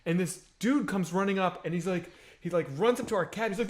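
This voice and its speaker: A man's voice: sits high, brisk. A man in his forties, a comedy show co-host, casually telling a story, laughing and swearing as he goes.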